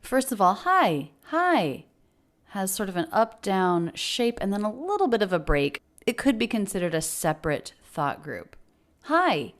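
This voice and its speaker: A woman teaching English pronunciation, breaking down phrases and repeating words slowly to model their sounds. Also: lowish voice. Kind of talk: pronunciation lesson.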